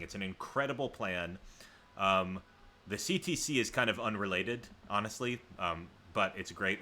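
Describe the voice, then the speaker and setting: A man's voice: fairly low pitch, bright, forceful tone. A man from the American South hosting a livestream, chatting casually with viewers in a rambling, self-correcting way. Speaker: livestream host.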